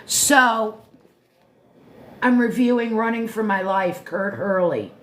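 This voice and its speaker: An older woman from Florida with a low, deep voice, hosting her own show and chatting casually about a book, self-joking and talking straight to listeners. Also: slow, background noise. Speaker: show host reviewing a book. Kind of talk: casual rambling monologue.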